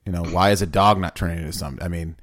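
Man, low voice, dry close sound, excitable rambling podcast co-host. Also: rapid-fire, no echo. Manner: animated, rambling, many restarts. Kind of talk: casual faith discussion.

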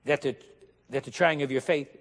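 A man preaching a sermon to a congregation, emphatic, repeating key phrases and slowly reading scripture aloud while asking the listeners questions. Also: a little high, fairly even intonation. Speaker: guest preacher. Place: church sanctuary. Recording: long hall reverb.

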